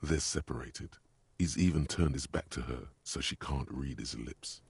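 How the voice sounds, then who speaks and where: Super deep gravelly game narrator guy, husky and slow and grave. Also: no echo, exaggerated voice. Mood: ominous. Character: gruff inner narrator voice of a detective, male. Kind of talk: video game voice acting.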